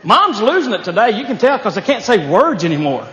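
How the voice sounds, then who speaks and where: A man's voice: high-pitched, big pitch swings, brisk, a bit bright, muffled recording. A man from Appalachia doing a stand-up comedy set, telling folksy stories with punchy asides. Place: live venue. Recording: echoey hall with audience.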